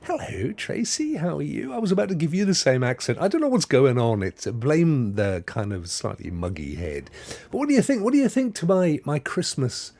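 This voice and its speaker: A man's voice: on the high side, wildly swooping pitch, a little fast, darkish tone. A man hosting a casual live stream, chatting and greeting viewers by name with rambling asides. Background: faint Christmas music.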